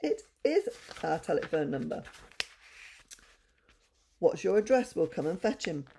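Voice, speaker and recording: Sensible boy, plain and steady, read by a woman. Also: lowish voice, a little slow, gravelly, a little hiss or hum, heavily acted. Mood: eager. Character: sensible older boy, the big brother.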